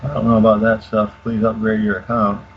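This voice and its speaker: An older man explaining in detail as a radio guest, halting with many fillers and restarts. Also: fairly low pitch, monotone. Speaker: guest expert. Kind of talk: casual explanation on a call-in radio show. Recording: dull lo-fi call audio with faint hiss.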